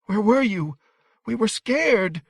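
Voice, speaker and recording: A man voicing a frightened young boy in an audiobook, pitching his voice up high. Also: animated, slow pace, gravelly, breathy edge, no room sound, studio quality, exaggerated voice. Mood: scared.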